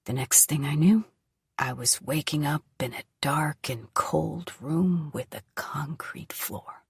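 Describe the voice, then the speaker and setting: Woman reading a thriller audiobook, gravelly breathy hush, low voice. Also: slow, no echo. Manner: hushed, often whispery delivery. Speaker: audiobook narrator. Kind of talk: first-person audiobook narration.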